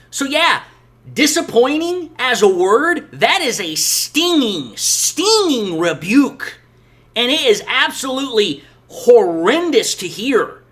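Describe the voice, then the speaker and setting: A sports channel host from the Detroit area delivers emphatic, exasperated opinion commentary on football. His mid-range voice has a slightly bright edge.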